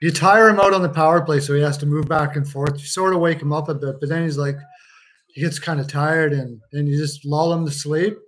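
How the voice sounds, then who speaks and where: A man's voice: a little high, steady tone, a little fast, fairly bright tone, rough recording. A man chatting casually as he watches a hockey game on a live stream, joking, swearing and laughing often.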